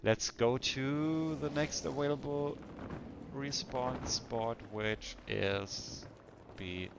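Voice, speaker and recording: A man's voice: medium pitch, very slow, gravelly, background noise. A man giving casual, self-mocking commentary while playing a video game. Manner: chatty and self-mocking, often laughing to himself. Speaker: gameplay commentator. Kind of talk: casual let's-play commentary.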